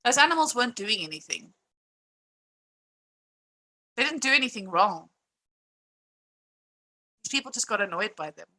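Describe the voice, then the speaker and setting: A young woman talks to her live chat in a bright, sharp voice. She rants with frustration and emphasis, swears freely and circles back to the same points. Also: on the high side, big pitch swings, moderate pace, pauses often, low-quality recording. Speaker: live streamer. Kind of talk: live-stream rant.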